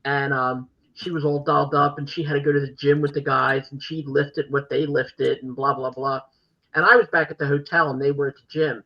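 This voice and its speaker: A woman's voice: a bass voice, fairly bright tone, husky, muffled recording. A woman podcast host telling stories in casual interview chat, rambling with fillers and restarts. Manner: chatty storytelling with many fillers and restarts.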